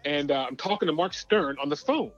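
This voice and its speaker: A man telling a personal story on a sports podcast, animated but halting, with many uhs and restarts. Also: a little high, lo-fi sound, faint music behind. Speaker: regular guest co-host. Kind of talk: casual storytelling.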